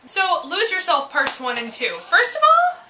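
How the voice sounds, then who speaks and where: A woman hosting a casual fan recap, bubbly and quick to act out characters' lines. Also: very high-pitched, wildly swooping pitch, sharp tone. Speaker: show recap host. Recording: echoey room with faint noise.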